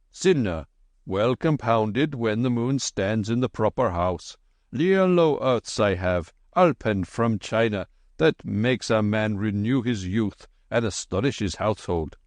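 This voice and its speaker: A pompous quack doctor with a thick, heavy voice, boasting at length about his remedies, as a male narrator reads him. The pace is slow and the sound is dry and close. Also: fairly low pitch, dry recording. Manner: pompous, long-winded. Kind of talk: audiobook character voice.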